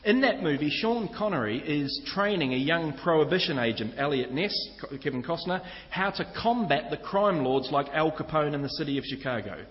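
A New pastor gives an earnest sermon, talking straight to his congregation. His voice is fairly high for a man and echoes through a large hall. The sound is slightly muffled. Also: animated, moderate pace, few pauses. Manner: earnest teaching, direct address to listeners.

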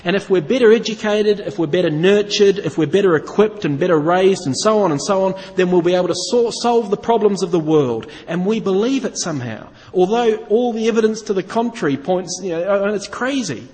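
Man, preacher, sermon, emphatic questions, slightly high pitch, echoing hall. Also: animated, fairly quick, hardly any pauses, a little mellow. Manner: asks the congregation questions, stresses key words.

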